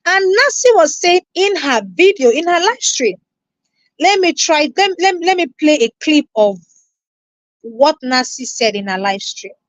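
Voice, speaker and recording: A woman's voice: high voice, big pitch swings, unhurried, no echo. A woman with a Nigerian accent reacting on a live stream, scolding and repeating herself as she greets viewers.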